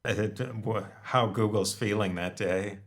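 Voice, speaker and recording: A man with a low voice hosts a podcast conversation. He speaks casually and haltingly, often pausing on "um" and "uh" and restarting his sentences. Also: fairly even intonation. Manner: halting, many fillers and restarts. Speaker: podcast host.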